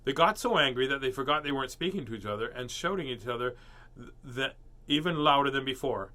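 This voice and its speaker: Man, storybook reader, bright tone, animated delivery, quips between pages. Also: mid-range voice, quick pace. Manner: playful, jokey asides and puns; lively character voices while reading. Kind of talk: reading a children's book aloud with asides.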